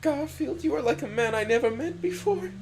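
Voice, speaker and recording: A man voicing a female starship officer in a high falsetto. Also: expressive, brisk, music in the background. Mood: dreamy. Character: serious female starship officer, later lovestruck.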